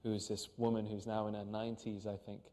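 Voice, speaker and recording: Earnest, low-voiced man on a reverberant stage. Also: flat delivery, warm tone. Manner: earnest, halting, many restarts. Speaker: actor. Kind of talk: press interview on stage. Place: on a stage before an audience.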